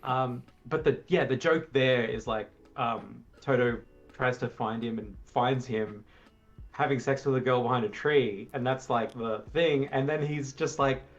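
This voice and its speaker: A man co-hosting a casual film review chat, eagerly retelling comic scenes and acting them out in sudden high voices. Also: a little slow, highs cut off, faint music behind. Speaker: podcast co-host.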